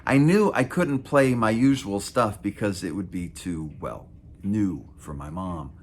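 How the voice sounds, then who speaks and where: A man in his fifties reads aloud from his own memoir. His voice sits low but moves a lot, rising and dipping through wry, self-mocking asides. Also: expressive, a little slow, husky. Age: 50s. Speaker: author.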